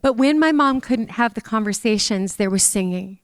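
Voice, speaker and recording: A woman's voice: fairly high pitch, lively intonation, normal speed, clean tone, no echo, long reverb tail. A middle-aged woman from Canada giving a tearful, heartfelt memorial tribute to her mother in a church. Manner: tearful, emotional, speaks of feelings openly.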